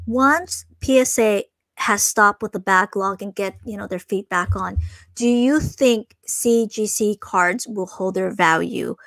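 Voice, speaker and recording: A woman hosting a casual livestream Q&A, bubbly and excitable, talking over a video call. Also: medium pitch, measured pace, no echo. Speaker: host. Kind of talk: livestream Q&A chat.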